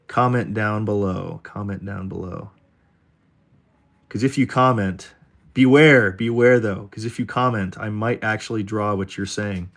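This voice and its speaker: A man's voice: lowish voice, fairly even intonation, a little slow, vocal fry, a bit bright. A man streaming live while he draws, rambling in a jokey way and talking straight to his chat. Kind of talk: casual livestream chat while drawing.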